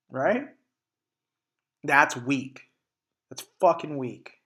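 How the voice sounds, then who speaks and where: An older man in his sixties speaks straight to his listeners in a blunt motivational talk. He swears freely and punches key words with sudden loud emphasis, then drops back to a plain conversational tone. His voice sits at an ordinary middle pitch for a man. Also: a little slow. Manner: blunt, profane and emphatic, with bursts of loudness. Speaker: podcast host. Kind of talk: motivational monologue.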